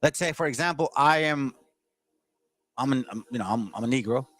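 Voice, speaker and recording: A man's voice: mid-range voice, fairly quick, fairly bright tone. A man hosting his channel, reading aloud from a history book and stopping to argue with his audience in a combative, lecturing way. He stumbles and restarts as he reads. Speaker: channel host.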